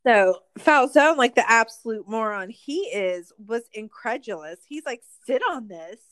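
Woman podcast host going off, sarcastic and sweary, kinda high voice, dry mic. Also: expressive, measured pace, a bit bright, smooth, dry recording. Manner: profane, sarcastic ranting. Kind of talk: casual podcast chat.

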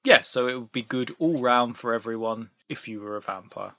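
A man's voice: medium pitch, normal speed, sharp tone, no echo. A man co-hosting a comedy podcast, laughing often and playing along with his friend's jokes. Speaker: podcast co-host. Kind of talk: casual comedic banter. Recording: dry, dull lo-fi recording.

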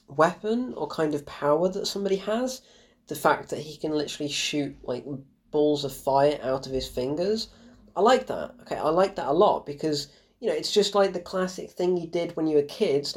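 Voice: medium pitch, a little mellow. A young adult, giving a casual, rambling film review full of sarcasm and self-corrections.

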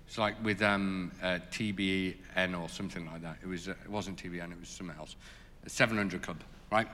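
A man telling stories in an interview as a charity leader, animated and full of fillers. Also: deep voice, a little fast, big-room sound. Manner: animated, lots of fillers, laughs as he tells it. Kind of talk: storytelling in an interview.

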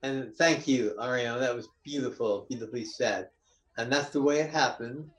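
A man's voice: medium pitch, moderate pace, fairly bright tone. A man, a musician guest in an interview, picking up a story in an easygoing way. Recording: roomy, distant from the mic.

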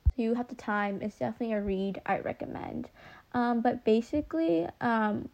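Young woman, podcast host, slight lisp, gravelly fry, chatty with fillers, casual book review. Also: fairly high pitch, lively intonation, moderate pace, darkish tone. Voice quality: lisp from wearing retainers. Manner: chatty, many ums and likes.

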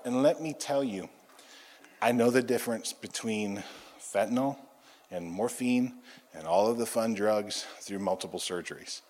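A man with a somewhat low voice tells his testimony like a sermon, acting out every voice in the story. His words ring out into a big hall with a long tail of reverb. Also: moderate pace. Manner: animated storytelling, acting out dialogue. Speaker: speaker giving a testimony.

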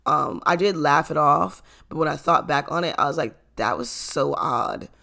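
A young adult vlogger recounting a story in a loose, casual storytime. The voice has a gravelly, fried edge and a middling pitch. The talk is loose and full of fillers, laughs and casual swearing. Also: steady tone, fairly quick, sharp tone. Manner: chatty, lots of fillers, frequent laughs and swearing.

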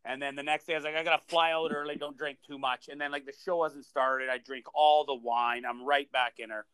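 A man's voice: fairly high pitch, flat delivery, fairly quick, fairly bright tone, clean tone, no room sound. A man hosting a podcast in casual chat, swearing and laughing as he rambles through stories. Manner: crude, laughing, rambling storyteller. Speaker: podcast host.

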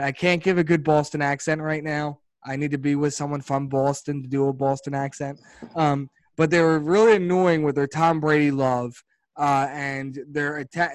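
A man co-hosting a casual sports podcast, talking in an animated, rambling way and laughing often. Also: on the high side, normal speed, no echo. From Philadelphia area. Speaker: podcast co-host.

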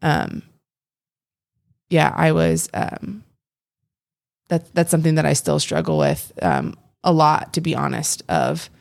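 Young woman, very low voice, gravelly, earnest and rambling, dry close sound. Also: very animated, slow pace, pauses often, no echo. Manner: earnest, rambling with many restarts. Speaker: podcast co-host. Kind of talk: casual faith chat.

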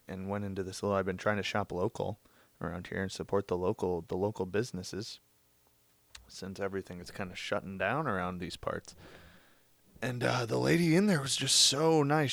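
A man's voice: lowish voice, gravelly, no room sound. A young man alone at home, rambling and joking through a casual solo podcast. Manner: rambling, joking, self-mocking. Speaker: podcast host.

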